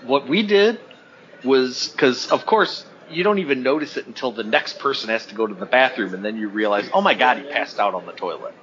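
A podcast co-host with a mid-range voice tells a story animatedly and a little fast during a casual chat. The lo-fi recording sounds dull, with slight background noise.

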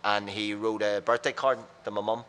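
A man, a radio presenter, telling rapid, blunt anecdotes in casual chat on a podcast. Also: on the low side, flat delivery, a bit bright, a little hiss or hum.

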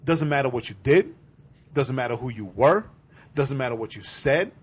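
A man's voice: mid-range voice, animated, normal speed, breathy edge. A man co-hosting a faith podcast, explaining his beliefs in an earnest, preachy way and often asking "right?". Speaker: podcast co-host. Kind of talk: casual faith podcast chat.

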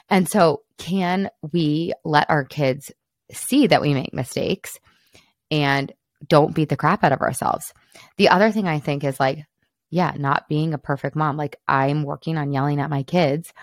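A woman's voice: low voice, steady tone, normal speed, dry recording, clean studio sound. A woman in her thirties hosting a solo podcast, talking candidly and encouragingly to other moms and teasing herself about her own slips. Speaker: podcast host, mom coach.

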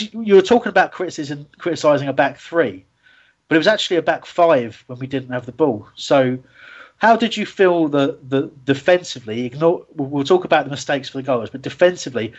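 A man's voice: fairly high pitch, expressive, a little fast, slightly rough, muffled recording. A man hosting a casual football talk show, rambling and self-deprecating with many fillers. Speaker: host.

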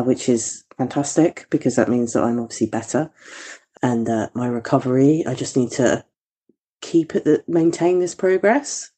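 A woman's voice: low voice, warm tone. Emotional woman leaving a voice note. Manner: heartfelt, emotional, sweary. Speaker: caller leaving a voice message. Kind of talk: voice message.

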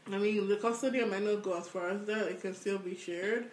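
A woman's voice: medium pitch, steady tone, brisk, a little mellow, far from the mic. A woman co-hosting a podcast in casual chat, easygoing and full of agreeing fillers. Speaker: podcast co-host. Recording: echoey room with faint background hum.

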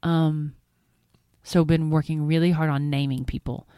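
A woman's voice: low-pitched, flat delivery, unhurried, warm tone, clear, resonant tone, no echo, clean studio sound. A woman co-hosting a podcast in casual chat, a chatty, rambling storyteller who swears casually. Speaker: podcast co-host.

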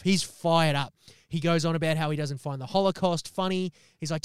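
A young man co-hosts a podcast, recounting a story in relaxed conversation, cursing constantly and acting out quotes with lively energy. His voice sits fairly high and moves quickly, with a clean tone and studio-quality sound free of echo.

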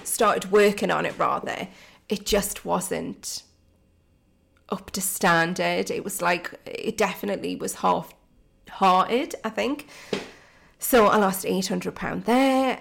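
A woman with a Geordie accent hosts her own podcast in a loose, chatty monologue. Her voice is heavily gravelly with plenty of fry, and she talks excitedly and enthusiastically, correcting herself and tossing in fillers as she goes. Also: mid-range voice, takes it slowly, a little hiss or hum. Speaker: podcast host and mindset coach.

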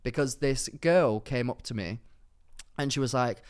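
A young man chatting as a podcast co-host, animated and exasperated, swearing freely. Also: mid-range voice, normal speed, smooth. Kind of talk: casual chat.

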